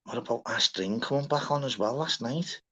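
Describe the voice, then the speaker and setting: Over dull, lo-fi stream sound, a young Scouser from Liverpool, England, chats casually as a livestream panel host, cursing and welcoming viewers by name. His voice is mid-range, pushed and bright, at a moderate pace.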